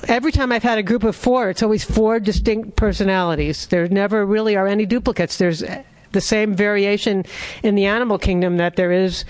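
A man's voice: high voice, fairly even intonation, brisk. A man reading his own humorous story aloud, then chatting about it in a wry, conversational way. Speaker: author.

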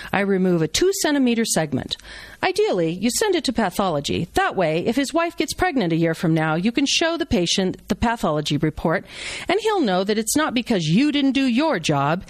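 A woman's voice: on the high side, very animated, normal speed, dry recording. A woman reading as a wisecracking male surgeon. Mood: joking. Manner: blunt, wisecracking, instructive. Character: brash joking male surgeon teaching a procedure. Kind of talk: reading a novel aloud to a live audience.

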